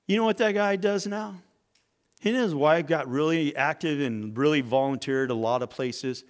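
A man's voice: high-pitched, moderate pace. A middle-aged man preaching as a pastor, telling personal stories and acting out the voices of the people in them. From California. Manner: animated storyteller, acts out quoted voices. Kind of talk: sermon storytelling.

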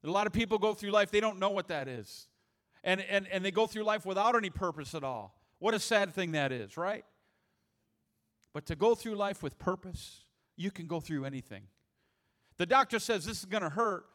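A man's voice: high-pitched, lively intonation, moderate pace, fairly bright tone. Man preaching a casual, joking sermon. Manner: conversational, humorous, stammering restarts. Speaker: pastor.

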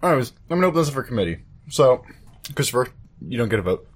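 A man with a husky voice co-hosts a podcast in playful, animated chat. His pitch swings widely as he jokes and laughs. He is quick to laugh along with the others. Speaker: podcast co-host. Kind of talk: casual chat.

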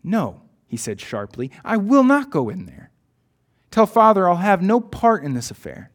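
A man voicing an indignant older son in a poem reading, sharp and resentful, his voice raised and loud. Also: medium pitch, very animated, measured pace, breathy edge, pitched below the performer's own voice. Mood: angry, resentful.

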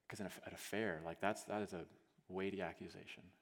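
A male pastor preaching a sermon as a vivid story, acting out scenes and swinging from hushed to loud, with lots of casual "like" fillers. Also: sits low, steady tone, a little fast, slight background noise. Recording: long hall reverb.

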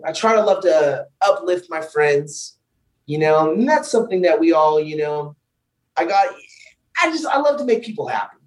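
A young man, a wrestler, telling wild road stories on a podcast in a loud, profane, animated way. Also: on the high side, far from the mic, poor audio. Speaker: wrestler guest. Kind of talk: casual podcast storytelling.

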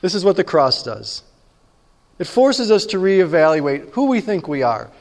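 Male pastor, high voice, earnest conversational sermon, echoing church hall. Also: big pitch swings, a little slow, a little mellow. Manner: earnest, repeats words, voices scripture figures conversationally. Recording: long reverb in a large hall.

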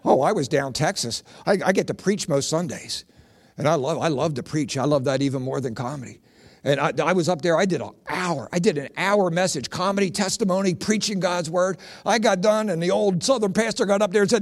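A middle-aged man from Pennsylvania doing stand-up comedy as a comedian and preacher, telling animated stories with punchy jokes. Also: on the high side, fairly quick.

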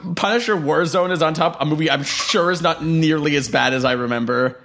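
A man's voice: fairly high pitch, a little fast, a bit bright. A man co-hosting a podcast, bantering sarcastically and swearing freely. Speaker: podcast co-host. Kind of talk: casual chat.

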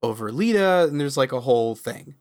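A man's voice: medium pitch, lively intonation, a little fast. A man co-hosting a podcast, musing aloud and chiming in during a casual chat about a cartoon. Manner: musing, chimes in with agreement. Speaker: podcast co-host.

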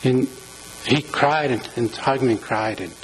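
A man giving an informal sermon in a church, speaking earnestly and emotionally, close to tears, with many halting restarts and fillers. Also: mid-range voice, poor audio. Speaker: church member preaching. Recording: mains hum under the voice.

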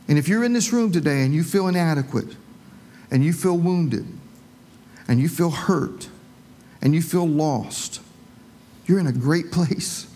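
A pastor delivers his sermon in a relaxed, conversational storytelling manner and drops in homespun asides. His voice sits a little higher than most men's. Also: measured pace, pauses often.

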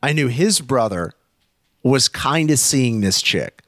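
A man in a casual podcast chat, telling a profane party story and acting out the shouting people in it. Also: mid-range voice, slow pace, no room sound, studio quality. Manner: profane, animated, acts out shouting voices.

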